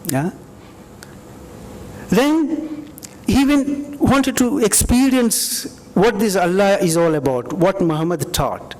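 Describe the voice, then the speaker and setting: A man's voice: sits high, expressive, takes it slowly, a little mellow. A man giving a university lecture, reflective and conversational, often saying "you know". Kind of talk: university lecture with audience questions. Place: lecture hall. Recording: reverberant hall.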